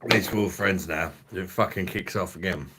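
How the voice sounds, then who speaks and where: A man's voice: deep voice, a little fast, very noisy. A man hosting a casual livestream chat, rambling and swearing freely with the odd chuckle. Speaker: host.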